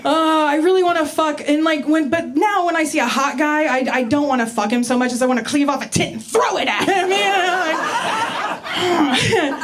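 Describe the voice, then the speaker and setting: A woman's voice: high voice, normal speed. A woman in her forties doing a stand-up comedy set, chatty, crude and self-mocking, in front of a live audience. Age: 40s. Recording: live room with crowd noise. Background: audience laughter.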